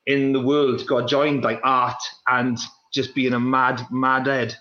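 Fast, restless man in a roomy space. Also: mid-range voice, flat delivery, pushed and bright. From Wales. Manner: restless, repeats words, quick bursts of speech. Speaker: guest, former runner. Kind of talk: casual chat. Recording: roomy, dull lo-fi sound.

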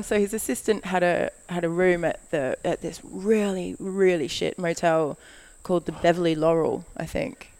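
Chatty woman telling a story, gravelly edge. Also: on the low side, normal speed, few pauses. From Australia. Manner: animated storytelling, acts out quoted lines, frequent "like". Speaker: guest, model. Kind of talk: casual storytelling chat.

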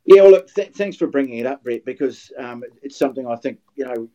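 Telling stories as a guest on a casual podcast, this older New Zealand commentator often starts his sentences over. He sounds animated and mellow in a mid-range voice, talks fairly quickly, and the highs are cut off.

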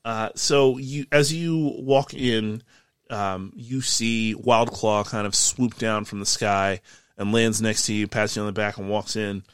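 A man narrating as game master in a relaxed way, full of filler ums. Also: on the low side, a little slow, clean tone, no room sound.

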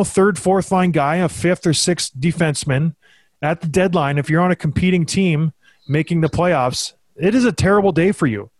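A man with a slightly high voice hosts a laid-back podcast chat, joking and poking fun at himself. His voice is dry and close, with no room sound around it. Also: no room sound. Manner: joking, self-deprecating, plain-spoken. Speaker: podcast host, former hockey player.

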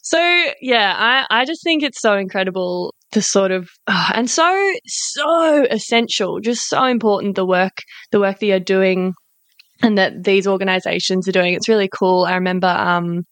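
A woman hosting a casual podcast, chatty and animated, swearing casually. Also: mid-range voice, moderate pace, no echo. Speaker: podcast host.

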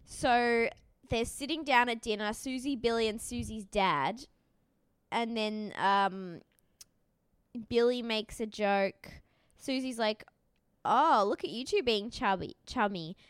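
Animated, smooth-voiced woman. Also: fairly high pitch, takes it slowly, dry recording, clean studio sound. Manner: animated storytelling, acts out quoted lines, swears freely. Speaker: podcast co-host. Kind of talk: casual chat recapping a reality show.

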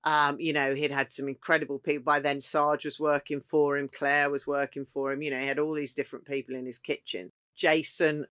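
A middle-aged woman from England, a chef guest, chatting casually and telling stories with quick laughs. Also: deep voice, flat delivery, fairly bright tone, smooth, dry recording, clean studio sound. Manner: chatty storyteller with quick laughs, acts out quotes. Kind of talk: casual interview chat.

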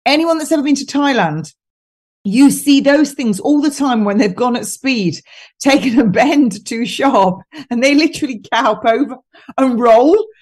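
A woman with a somewhat high voice chats loosely on a podcast. She tells stories with a mocking, joking edge and breaks into laughs often. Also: expressive, normal speed, darkish tone, breathy edge. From United Kingdom. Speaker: guest nutritionist. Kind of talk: casual podcast chat.

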